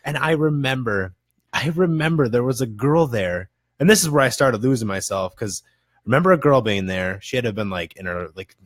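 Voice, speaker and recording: A man's voice: mid-range voice, animated, brisk, no echo, studio quality. A man in his twenties, a podcast co-host chatting casually, rambling through stories, swearing freely and laughing at himself. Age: 20s. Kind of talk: casual chat.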